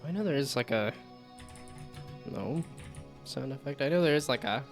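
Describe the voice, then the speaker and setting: A man's voice: expressive, normal speed, soft background music. Rambling, laughing man streaming. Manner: rambling, self-mocking, laughs often; tries silly high whoops. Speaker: streamer and game developer. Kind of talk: casual live-stream chat.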